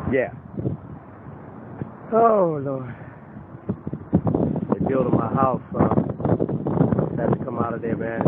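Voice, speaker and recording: An actor playing a protective father in his fifties or older, on a one-sided phone call in a comedy short. He talks in streetwise slang, says "man" constantly, and swings between pleading and threats. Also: medium pitch. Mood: earnest, pleading. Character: protective, fed-up father of a grown son, over 50. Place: outdoors near a building site. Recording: tinny, wind-blown outdoor recording.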